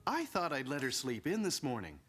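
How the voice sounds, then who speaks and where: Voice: mid-range voice, fairly quick, a little hiss or hum. A friendly, easygoing cartoon dad. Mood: kindly. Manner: calm, explaining things simply. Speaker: father character. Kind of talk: animated children's series acting.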